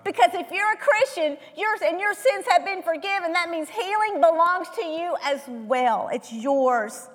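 A woman with a high voice preaches a sermon, throwing rhetorical questions at her listeners. She swings between loud, emphatic lines and hushed, almost whispered ones, and her voice trails off into the long reverb of a church hall. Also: lively intonation, moderate pace, hardly any pauses.

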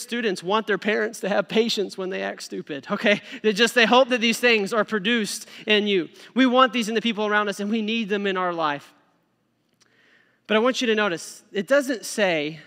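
Bright-voiced preacher in an echoey hall. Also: male voice, sits high. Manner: conversational, acts out voices, frequent "okay?". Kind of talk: sermon.

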